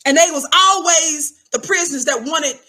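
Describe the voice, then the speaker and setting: A middle-aged woman holds forth in an animated livestream monologue. Her voice sits high and rings bright. She hammers her points home by repeating words over and over. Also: normal speed. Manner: emphatic, preachy, repeats words for effect. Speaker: livestream commentator.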